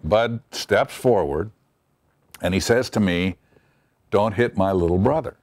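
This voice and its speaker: A man's voice: on the low side, measured pace, a little mellow, dry recording, clean studio sound. A middle-aged man telling a wry story from his past in an interview, acting out the quotes. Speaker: TV writer recalling a story. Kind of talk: interview anecdote.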